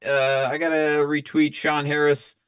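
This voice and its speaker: A man, a guest on a chat stream, explaining his reasoning in a thoughtful, measured way. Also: fairly high pitch, flat delivery, a bit bright, clear, resonant tone, no echo, studio quality. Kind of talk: casual chat.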